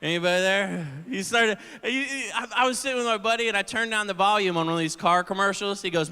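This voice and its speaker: High bright-voiced man doing stand-up. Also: a little fast, clear, resonant tone. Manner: loose, swearing, acts out voices in his stories. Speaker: stand-up comedian. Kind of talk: stand-up comedy set. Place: large theater stage. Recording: live theater with long reverb.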